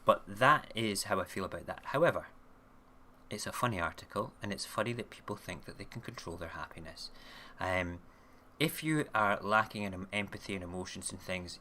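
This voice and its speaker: A man's voice: low-pitched, fairly quick, sharp tone, slight background noise. A man hosting an online radio show, rambling casually through news stories and often checking in with "okay?". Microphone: camera mic, recording himself on video.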